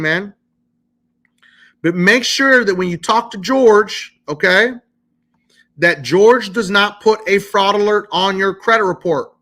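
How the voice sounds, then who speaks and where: A man's voice: high-pitched, pushed and bright. A man coaching viewers through a live-streamed how-to talk, tacking "okay?" onto nearly every point. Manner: talks insistently, repeating "okay?" after nearly every point. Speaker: credit repair educator.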